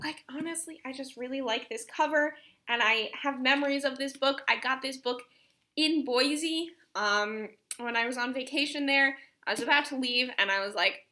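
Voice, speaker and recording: A chatty young woman talks about her reading plans in a relaxed vlog. Her voice is bright and sits a bit high. She rambles, trails off and restarts her sentences. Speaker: book vlogger. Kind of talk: casual chat.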